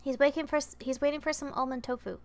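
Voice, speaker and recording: Woman streamer, high voice, animated and emotional while playing a game. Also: fast talker. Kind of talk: gameplay livestream commentary.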